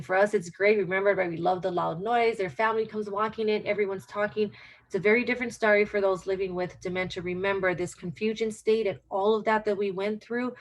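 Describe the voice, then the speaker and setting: Earnest middle-aged woman teaching caregivers. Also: mid-range voice. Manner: earnest, repeats key points for emphasis. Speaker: dementia care educator. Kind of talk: informal caregiver presentation.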